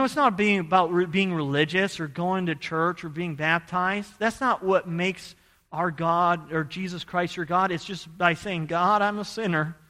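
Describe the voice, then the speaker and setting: A man from Idaho preaching a sermon, telling a personal story in an earnest voice that rises to loud, urgent bursts. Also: high-pitched, in a large hall.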